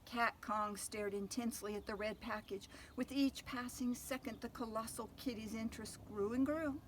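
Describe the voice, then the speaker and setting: An older woman reading a picture book aloud to children, gentle and pausing to ask them questions. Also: on the high side, fairly even intonation, slight background noise. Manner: gentle, asks listeners questions. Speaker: storyteller.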